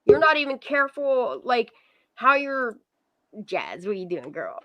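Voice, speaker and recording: A woman's voice: on the high side, sing-song, measured pace, no echo, lo-fi sound. A woman hosting a livestream, chatting animatedly with her viewers as she reacts to a clip. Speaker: livestream host. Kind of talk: casual reaction commentary.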